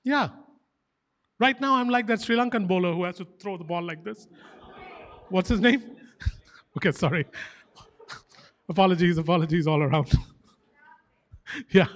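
A pastor delivers a fervent sermon in a high-pitched male voice. He drives points home by repeating short phrases with emphatic insistence. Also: measured pace, long pauses. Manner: fervent, animated exhortation.

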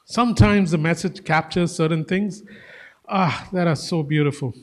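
A man's voice: on the high side, moderate pace, long reverb tail. A male preacher giving a sermon, emphatic, repeating key phrases and calling his listeners guys.

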